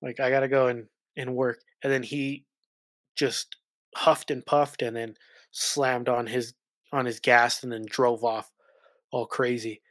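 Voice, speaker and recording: A man's voice: mid-range voice, level tone, measured pace, fairly bright tone. A laid-back man on a podcast, chatting casually as he retells an encounter. His voice sits mid-range for a man. The sound is dry and close, with no room echo. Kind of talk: casual chat.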